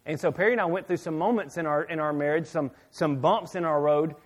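A middle-aged man preaching a sermon, telling a personal story with many repeated words, swinging between loud emphasis and near-hushed asides. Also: on the high side, fairly quick. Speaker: pastor.

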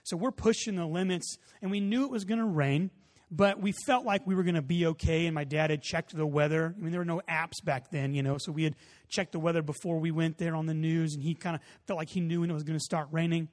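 Animated storytelling man in a reverberant hall. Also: on the high side, fast talker. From Texas. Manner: animated storytelling, acts out voices. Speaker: pastor. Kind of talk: sermon with personal story.

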